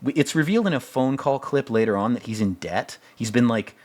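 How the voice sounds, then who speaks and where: A man's voice: mid-range voice, lively intonation, a little fast, darkish tone. A man hosting a casual film commentary, rambling, profane and sarcastic as he picks apart a movie. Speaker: podcast host reviewing a film.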